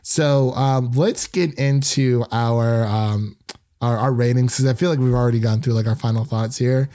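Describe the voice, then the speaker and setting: A man's voice: medium pitch, steady tone, normal speed, warm tone, no echo. A young man hosting a casual review podcast, rambling with lots of fillers. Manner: rambling, heavy use of fillers like "um" and "you know". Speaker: podcast host.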